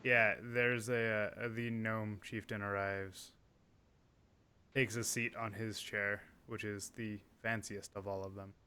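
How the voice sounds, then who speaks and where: A man's voice: fairly low pitch, little pitch movement, slow pace, bright, forceful tone, slight background noise. A man narrating a tabletop role-playing game as game master, in a casual, chatty way with many fillers.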